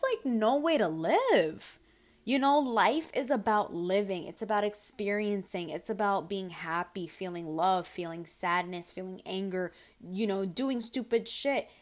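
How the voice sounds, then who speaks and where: A woman's voice: medium pitch, darkish tone. A young woman hosting a casual advice podcast, answering listener questions bluntly and heatedly, with lots of swearing.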